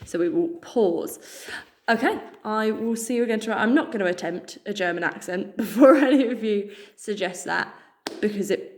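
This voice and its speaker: A woman with a British accent reading a children's chapter book aloud, expressive and cheerful. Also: medium pitch, normal speed. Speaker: storyteller.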